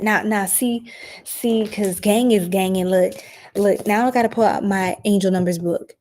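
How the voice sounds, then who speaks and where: A tired woman giving a late-night live stream tarot reading, chatting playfully in slang and often dropping into soft whispers. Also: mid-range voice, fairly even intonation, normal speed. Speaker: tarot reader.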